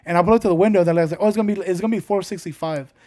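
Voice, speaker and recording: A young man with a high, slightly mellow voice talks rapid-fire while co-hosting a casual podcast. He tells rambling stories, swears often, and acts out the quotes.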